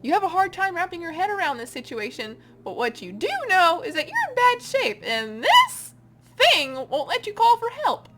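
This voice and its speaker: A woman reading a story game aloud as the channel host, dramatic and expressive, going from hushed to loud. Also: extremely high pitch, normal speed.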